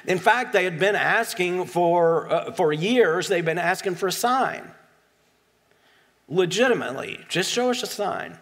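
Male pastor with a slightly high voice, reading scripture and explaining it in a relaxed, off-the-cuff way. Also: normal speed. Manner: casual, digressive, with self-deprecating asides.

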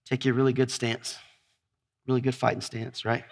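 A man's voice: medium pitch, gravelly. A man preaching to a live audience, with call-and-response and exuberant whoops as he acts out scenes.

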